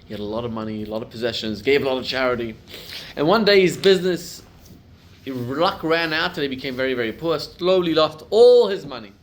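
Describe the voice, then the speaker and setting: A middle-aged man, a rabbi, giving a class to a live group, telling stories and building to loud emphatic peaks. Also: medium pitch, a little fast.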